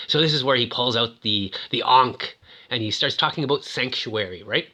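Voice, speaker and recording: A man's voice: mid-range voice, normal speed, pushed and bright. A man casually talking about toys, rambling with lots of fillers. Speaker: toy reviewer. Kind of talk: casual chat.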